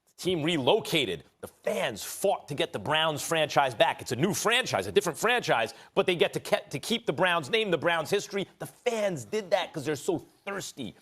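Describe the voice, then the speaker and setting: A man making rapid-fire, argumentative rebuttals as a host on a televised sports debate show. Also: a little high, sing-song, fairly bright tone, breathy edge. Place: TV studio.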